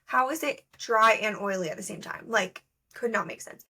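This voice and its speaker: A young woman co-hosts a podcast, chatting casually and telling stories with plenty of fillers. Her voice sits in the mid range at a moderate pace, pushed and bright with a breathy edge.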